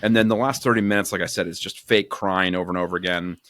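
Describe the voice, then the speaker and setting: A man's voice: deep voice, steady tone, fast talker, fairly bright tone, dry recording, studio quality. A man co-hosting a podcast, chatting casually and crudely about a romance novel, rambling with jokes and filler. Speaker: podcast co-host. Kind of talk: casual book review chat.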